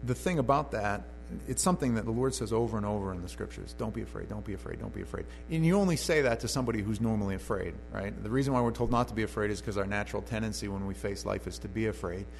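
A man's voice: lowish voice, quick pace, hardly any pauses, faint music behind. A man preaching a conversational sermon in a church, reading scripture aloud and then explaining it in plain talk.

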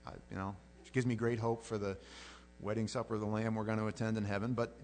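A male preacher delivering a sermon in a loose, conversational way, with a mid-range voice. He often stumbles and restarts phrases as he gets animated. A faint hum sits underneath. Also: medium pitch, fast.

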